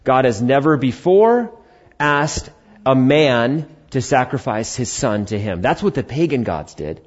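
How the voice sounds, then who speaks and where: A man's voice: very animated, a little slow, dull audio. A male pastor preaching a sermon who reads scripture aloud and then asks and answers questions. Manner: voices imagined objections in a higher voice.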